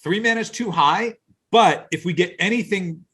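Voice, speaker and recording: A man's voice: sits high, moderate pace, bright, forceful tone, breathy edge. A man co-hosting a casual podcast, explaining at length and enthusiastically, with some stammering. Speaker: podcast co-host. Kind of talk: casual chat about card game spoilers.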